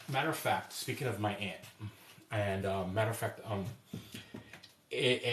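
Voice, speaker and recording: On a casual cooking live stream, a male host rambles warmly through stories, restarting often. His voice is fairly low, and the roomy, echoey recording has a little hiss or hum.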